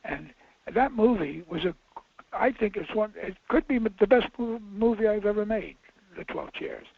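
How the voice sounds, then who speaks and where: An older male filmmaker, appearing as a guest, rambles through casual anecdotes full of restarts and emphatic bursts. His voice sits high and gravelly at a normal speed, captured on lo-fi audio with no room sound.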